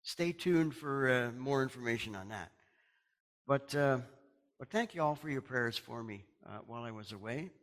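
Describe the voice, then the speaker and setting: Lively, chatty middle-aged pastor. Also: male voice, medium pitch, moderate pace. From Canada. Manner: chatty, folksy, with chuckles and restarts. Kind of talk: casual sermon announcements and storytelling.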